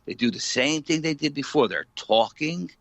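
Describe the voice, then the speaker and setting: A man being interviewed as a paranormal investigator, retelling an eerie night in an animated, dramatic way full of "you know". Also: a little high, normal speed, no echo. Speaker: paranormal investigator, podcast guest. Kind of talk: storytelling in a casual interview.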